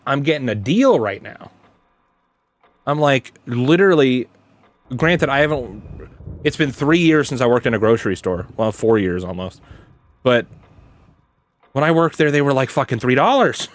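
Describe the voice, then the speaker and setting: A man's voice: medium pitch, lively intonation, normal speed, pauses often. A young man, chatting casually while he plays a game, rambling and swearing, with lots of "like" and "dude". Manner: rambling, swears a lot, says "like" and "dude" often. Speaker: gaming streamer. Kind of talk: casual gameplay chat.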